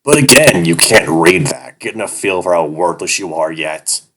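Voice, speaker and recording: A man's voice: low voice, normal speed. A man reading the lines of a leering, taunting male slave overseer with a throaty accent in a fantasy audiobook. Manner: mocking, jovial, condescending.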